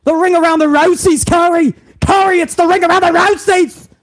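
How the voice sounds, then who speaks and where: A man imitating an overexcited male wrestling commentator who shouts and repeats his calls. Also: very high-pitched, fairly even intonation, fairly quick, pitched above the performer's own voice.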